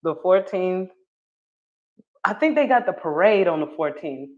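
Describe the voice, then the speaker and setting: A woman's voice: on the low side, lively intonation, a little slow. A woman from North Carolina, hosting a livestream. She chats casually, answers viewer comments and laughs often. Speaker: livestream host reading chat. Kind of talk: casual opinion chat. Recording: dull lo-fi stream audio.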